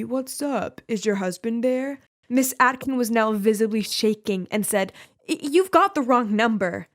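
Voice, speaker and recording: A woman narrating her life story in the first person for an animated story video, in an expressive, scripted style. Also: on the high side.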